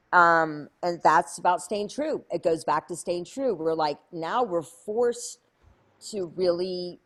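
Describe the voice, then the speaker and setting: A woman guest in an interview, telling a story in a chatty way with many fillers and acted-out quotes. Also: fairly low pitch. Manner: chatty, many "like" fillers, acts out her own past lines.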